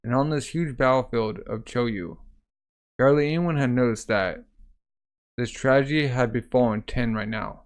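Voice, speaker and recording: A man's voice: mid-range voice, moderate pace. Casual man reading a manga aloud. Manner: voices the characters and speaks sound effects aloud. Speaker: manga reader.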